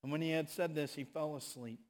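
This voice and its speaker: A man preaching a sermon, moving between loud, impassioned exhortation and hushed, quiet asides. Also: a little high, fairly even intonation, brisk.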